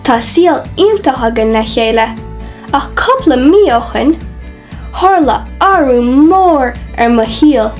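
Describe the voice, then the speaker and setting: A woman narrating a children's story slowly and carefully over background music. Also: sits high, expressive, darkish tone.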